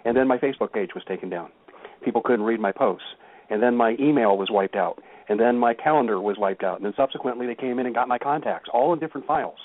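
A man's voice: mid-range voice, fast. A man speaking as a guest on a call-in talk show, telling stories with emphasis. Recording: tinny phone line.

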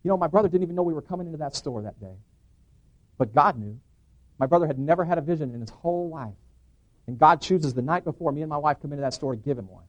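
A middle-aged man giving an animated testimony in church, acting out dialogue and restarting his sentences. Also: a little high, fast talker, muffled recording. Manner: excited, acts out dialogue, frequent restarts. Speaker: guest speaker giving testimony.

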